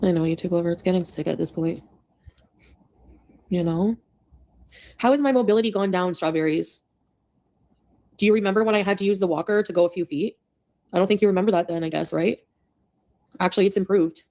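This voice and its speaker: Gravelly defensive woman streamer. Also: lowish voice, a little fast, long pauses, warm tone. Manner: defensive, dismissive. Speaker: streamer being commented on. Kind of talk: casual livestream talk.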